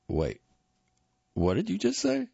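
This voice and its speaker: A man's voice: sits high, huge pitch swings, slow pace, creaky, mellow, slightly rough, no echo, muffled recording, pitched above the performer's own voice, heavily acted. A man voicing an incredulous, bitter grown son. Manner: incredulous, accusing.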